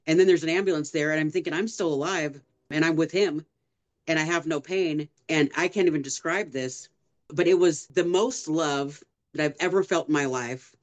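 A woman guest telling her own story of survival and faith on a podcast, earnestly and with animated retelling. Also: low-pitched. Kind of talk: emotional personal testimony.

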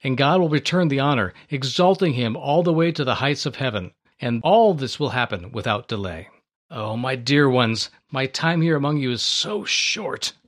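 Man voicing a tender sorrowful teacher, soft and unhurried, radio Bible reading. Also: medium pitch, lively intonation, close to an everyday voice. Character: calm, sorrowful male teacher, adult.

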